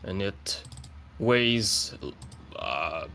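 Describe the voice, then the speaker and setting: A man's voice: sits low, very animated, extremely slow, creaky, pushed and bright, slight background noise, heavily acted. A man playing a scarred, undead-looking male adventurer who deadpans boasts about his strength. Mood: boastful.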